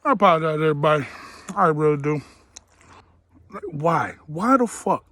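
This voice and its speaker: A man with a somewhat high voice doing an offhand food review for his viewers. He swears constantly and talks bluntly and crudely, often with his mouth full. His delivery is loose, unscripted and grumbling. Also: expressive, moderate pace, fairly bright tone. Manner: talks while chewing. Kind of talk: casual food review vlog.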